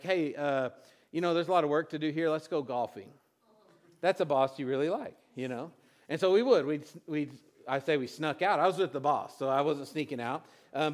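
A man preaching a sermon, telling a personal story in a halting way with many restarts. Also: a little high. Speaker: pastor.

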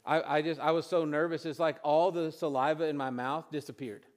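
A man preaching a sermon, telling a personal story in a halting way with many restarts. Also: fairly high pitch, steady tone. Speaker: pastor.

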